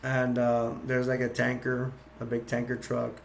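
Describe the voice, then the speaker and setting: A man casually retelling a movie plot, rambling and halting with many fillers. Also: medium pitch, monotone, vocal fry, a little hiss or hum. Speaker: movie recap youtuber.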